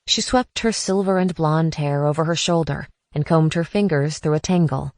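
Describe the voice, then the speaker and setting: A woman narrating a post-apocalyptic audiobook in a measured, even reading. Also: deep voice, dry recording. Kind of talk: scripted narration.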